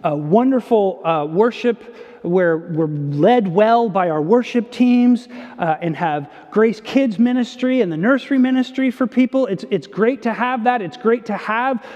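A man preaching a sermon as pastor, earnest, moving between emphatic and hushed delivery. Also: high voice, animated, unhurried. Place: church sanctuary. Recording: dull sound with long church reverb.

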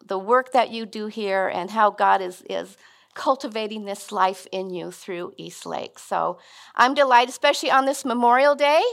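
A woman's voice: on the high side, vocal fry, fairly bright tone. Earnest middle-aged woman preaching. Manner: conversational, earnest, with frequent restarts. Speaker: guest speaker. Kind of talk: sermon.

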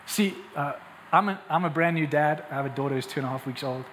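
A man's voice: a little high, quick pace, fairly bright tone, in a large hall, slight background noise. A young man preaching a sermon as a pastor, conversational and then building to emphatic peaks.

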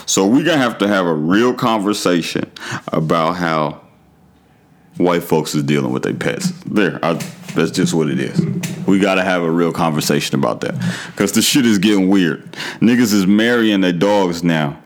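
A man hosting a podcast, telling a profane comic story with animated delivery that jumps into high exclamations. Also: moderate pace. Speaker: podcast host. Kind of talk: comedic storytelling monologue.

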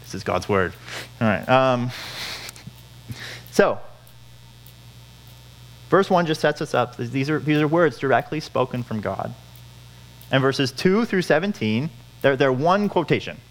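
A man's voice: medium pitch, sing-song, takes it slowly, long pauses, poor audio. A man preaching a sermon, earnest, repeating key phrases for emphasis. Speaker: pastor.

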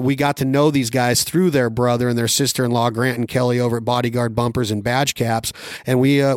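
A man's voice: medium pitch, no room sound, clean studio sound. A man hosting a casual podcast interview from a hunting camp, firing off upbeat questions. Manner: upbeat, rapid-fire questions. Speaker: podcast host.

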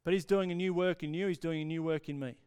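A male pastor preaching a sermon with passion, dropping to soft pauses for emphasis. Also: on the high side, fairly even intonation, smooth. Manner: impassioned, with dramatic pauses and drops to near-whisper.

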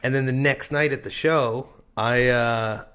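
Male comedian guest, mid-pitched, chatty anecdote teller who laughs a lot. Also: measured pace, clear, resonant tone. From Canada. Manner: animated storyteller, laughs often, acts out quotes. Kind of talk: casual storytelling interview.

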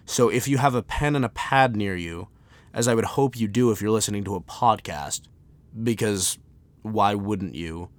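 A man's voice: fairly low pitch, moderate pace, no room sound. A young man hosting a solo podcast, talking casually in a rambling, jokey way with lots of fillers. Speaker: podcast host.

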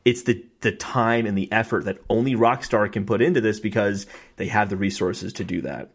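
A young man co-hosting a podcast, telling stories in an excited, fast, casual way with many fillers and acted-out quotes. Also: fairly low pitch, husky. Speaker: podcast co-host. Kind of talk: casual chat.

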